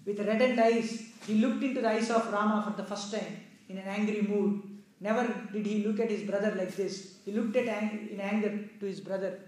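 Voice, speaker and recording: A man retelling a sacred epic in earnest devotional storytelling, pausing to explain. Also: high voice, steady tone, a little mellow. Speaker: religious storyteller. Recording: heavily echoey room.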